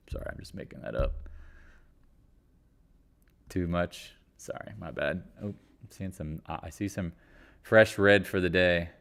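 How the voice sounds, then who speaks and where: Man, deep voice, rambling, joking, offhand, casual market livestream host. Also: a little slow, creaky, pauses often, a bit bright. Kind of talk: casual live market chat.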